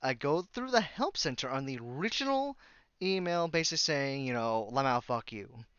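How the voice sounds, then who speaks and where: Exasperated sarcastic man, smooth dry voice. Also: a little high, sing-song, moderate pace, a bit bright, no echo, dull audio. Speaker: YouTuber. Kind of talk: casual storytelling vlog.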